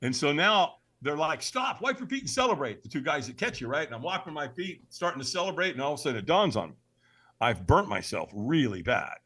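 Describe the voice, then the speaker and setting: A man, a podcast guest, telling a personal story in an animated way, acting out the voices he quotes and sometimes shouting them. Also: mid-range voice, fairly quick, breathy edge.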